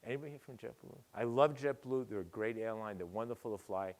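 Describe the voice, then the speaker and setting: An older man giving a conference keynote, punchy and sardonic, with a lively delivery. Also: lowish voice, fast. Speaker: keynote speaker. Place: dinner event hall.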